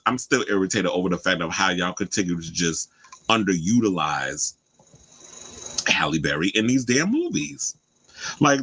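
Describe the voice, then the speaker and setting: A man with a fairly low voice hosts a casual celebrity gossip show. He is chatty and animated, and his pitch jumps sharply for emphasis and acted-out quotes. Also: slightly rough, poor audio. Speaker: host.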